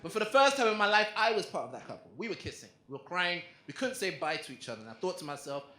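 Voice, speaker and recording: A young man performing a stand-up comedy set on a club stage, telling a story in an animated way and acting out the other people's lines. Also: high voice, quick pace, few pauses. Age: young adult. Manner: animated storytelling with acted-out quotes. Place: comedy club stage before a live audience. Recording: roomy live club recording. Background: audience laughter.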